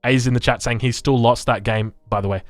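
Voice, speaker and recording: An Australian man streaming live, reading game patch notes and chatting with his chat in an animated, chuckling way. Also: mid-range voice, brisk, dry recording, soft background music. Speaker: gaming streamer.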